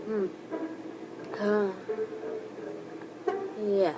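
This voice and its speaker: A woman's voice: a little high, measured pace, rough recording. A woman hosting a casual countdown video, talking hesitantly with many fillers and restarts. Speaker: video host. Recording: music playing behind the voice.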